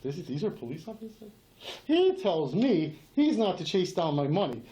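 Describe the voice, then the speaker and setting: A man's voice: high-pitched, sing-song, moderate pace, mellow, highs cut off. A man in a heated face-to-face argument, insistent and profane, repeating himself and talking over others. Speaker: channel owner confronting a sheriff.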